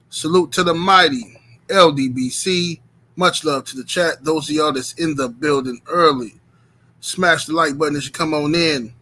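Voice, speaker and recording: Male stream host, bright and a little high, casual and chatty, big on viewer shout-outs. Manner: hypes the chat, shouts out viewers by name; relaxed with many fillers. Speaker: host of a boxing talk stream. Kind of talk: casual live-stream chat.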